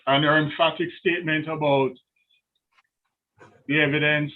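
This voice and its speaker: Heard over a tinny remote connection that sounds like a phone, a defence counsel makes formal, respectful submissions to appeal judges, often hesitating. He speaks at normal speed in a rather high, flat voice with long pauses.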